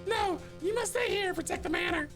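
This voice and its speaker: A man voicing a stern older noblewoman and mother in a high, prim put-on voice over game music. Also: brisk, gravelly.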